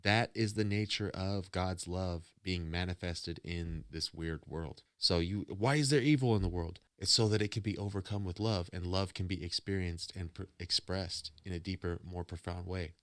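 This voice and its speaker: A man's voice: deep voice, normal speed, hardly any pauses, no echo, studio quality. A man hosting a casual reaction stream, rambling and preachy as he philosophizes about love and faith. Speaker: streamer host.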